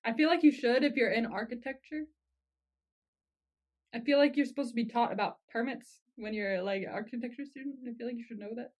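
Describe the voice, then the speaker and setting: A woman co-hosting a podcast, reacting quickly with laughs and the odd curse while recapping a show. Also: fairly high pitch. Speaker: podcast co-host. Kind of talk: casual recap chat.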